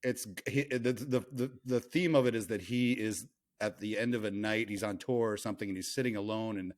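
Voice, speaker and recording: A man hosting a casual podcast chat, animated and laughing often, often trailing off and restarting. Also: fairly low pitch, brisk. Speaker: podcast host and songwriter.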